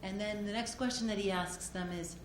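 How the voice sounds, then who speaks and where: Woman giving an earnest acceptance speech at a conference, soft-spoken with restarts, in an echoey room. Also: mid-range voice, steady tone. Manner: gentle, halting, many fillers and restarts. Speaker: award acceptor speaking for a doctor. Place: conference hall. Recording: echoey hall, audience noise.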